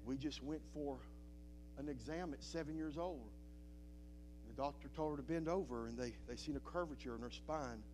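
A middle-aged man preaching a sermon, moving from quiet, halting confession to loud, impassioned preaching. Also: medium pitch, background noise. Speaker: pastor. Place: church sanctuary.

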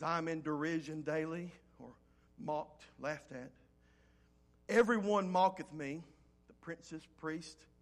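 A man preaching a sermon as pastor, reading scripture aloud and swinging between loud rises and soft, low drops. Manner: reads scripture in old-fashioned wording.

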